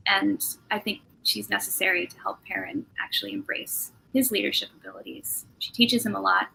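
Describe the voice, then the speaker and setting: A woman's voice: medium pitch, fairly even intonation, brisk, vocal fry, pushed and bright, slight background noise, low-quality recording. A woman guest on a podcast who speaks earnestly and enthusiastically about a character. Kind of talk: casual discussion.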